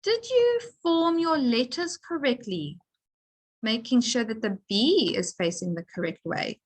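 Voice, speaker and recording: A woman teaches young children to read, breaking words into their sounds and stressing each one. She speaks slowly and deliberately in a fairly high voice. Her delivery is clear and patient, like a classroom lesson for beginners. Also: animated, poor audio. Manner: sounds out letters and words with slow emphasis.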